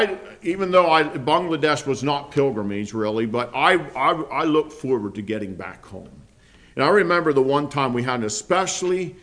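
Guy preaching a bible lesson, kinda high voice, earnest, keeps stumbling over his words. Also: a bit bright. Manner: earnest, halting, with repeated restarts. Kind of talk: Bible teaching to a small group.

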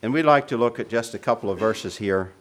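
A man preaching a sermon, reading scripture aloud in dramatic, rising bursts and dropping to quiet asides between passages. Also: fairly low pitch, brisk.

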